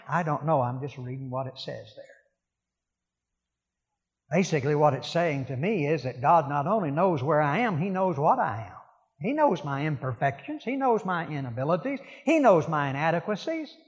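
A man's voice: on the high side, very animated, moderate pace, in a large hall, muffled recording. A man preaching a sermon in a conversational, emphatic, repetitive style.

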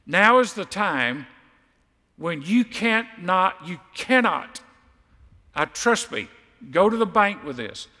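A man's voice: sits high, very animated, slow pace, long pauses, sharp tone, long reverb tail. A man preaching a sermon as pastor, stressing and repeating key words for emphasis.

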